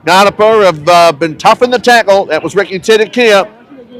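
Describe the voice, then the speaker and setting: A man giving relaxed, chatty live commentary on a local rugby match, with friendly asides between the plays. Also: sits high, moderate pace, poor audio. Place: outdoors at a rugby ground.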